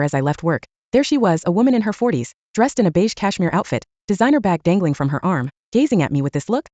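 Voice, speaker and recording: A woman's voice: medium pitch, mellow, dry recording. A young adult woman narrating her own story in the first person, blunt and wry.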